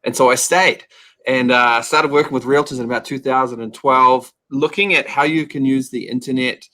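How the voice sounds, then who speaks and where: A man's voice: medium pitch, fairly even intonation, normal speed, bright, forceful tone. A man in his thirties with a New Zealand accent, chatting as an upbeat, joking guest on an interview show. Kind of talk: casual interview chat.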